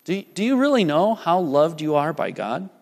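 A man's voice: on the high side, animated, moderate pace. A man preaching a sermon earnestly, putting repeated questions to his congregation in a church. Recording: church hall reverb.

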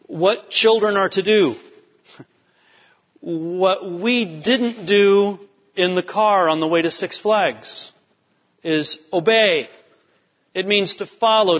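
A man preaching from the pulpit, easing into his message with a family story full of fillers and asides. His voice sits a little high for a man. The sound is dull and muffled, with long reverb from a large church hall. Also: a little slow. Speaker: pastor. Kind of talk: sermon with personal story. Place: church sanctuary.

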